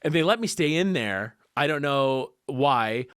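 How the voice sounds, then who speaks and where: A man telling a personal story in a casual podcast conversation, animated and acting out the voices of the people involved. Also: medium pitch, unhurried, clean tone, no echo, clean studio sound. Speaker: guest.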